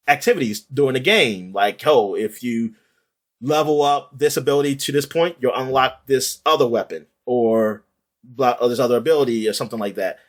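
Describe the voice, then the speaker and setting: A man co-hosting a podcast in casual chat, retelling things in a rambling, animated way with lots of fillers and the odd swear word. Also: medium pitch. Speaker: podcast co-host.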